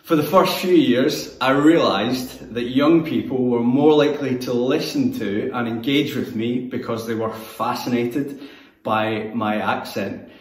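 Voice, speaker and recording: A Scottish man in his thirties, a church youth leader, giving a relaxed, conversational, self-deprecating sermon. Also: mid-range voice, a little slow. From Scotland. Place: church hall. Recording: echoey room, mic at a distance.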